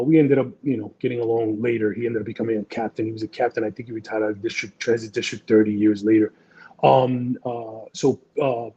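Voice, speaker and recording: A retired cop in his fifties from the Bronx tells long, rambling war stories. He swears freely and pokes fun at himself. His voice is dark and mellow, with a slightly dull, lo-fi sound. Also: mid-range voice. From the Bronx, New York. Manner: rambling, profane, self-deprecating anecdotes. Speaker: retired police detective, guest. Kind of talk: casual storytelling interview.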